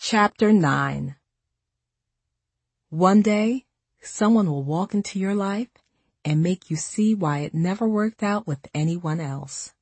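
A woman reading a first-person novel aloud in a steady, conversational way. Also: lowish voice, takes it slowly, breathy edge, no echo. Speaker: audiobook narrator.

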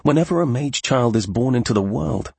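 A man narrating a fantasy audiobook in a steady, measured way. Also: mid-range voice, creaky, husky, dry recording.

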